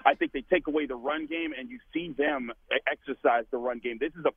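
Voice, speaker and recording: A man giving football predictions as a guest, talking fast and repeating himself for emphasis. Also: on the high side, very animated, creaky, slightly rough. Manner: quick, repeats words when making a point. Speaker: guest analyst. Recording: phone-line call-in.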